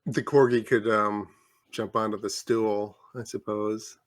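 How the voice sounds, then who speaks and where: A man hosts a comedy podcast over a video call. He keeps things relaxed and joking, and he chuckles often as he talks. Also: on the low side, measured pace, no echo. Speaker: podcast host. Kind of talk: casual chat on a video call.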